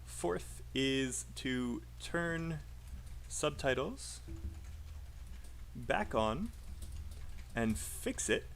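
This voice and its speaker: A man's voice: medium pitch, expressive, extremely slow, long pauses, fairly bright tone, a little hiss or hum. A man teaching English pronunciation on a live stream, chatty and encouraging, calling out names from the chat.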